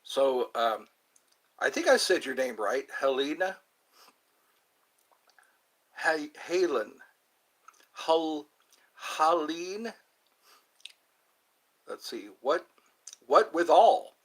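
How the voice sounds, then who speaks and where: A man's voice: on the high side, animated, extremely slow, long pauses, a bit bright, poor audio. A man live-streaming in a casual chat, reading viewer comments aloud and rambling playfully with frequent giggles.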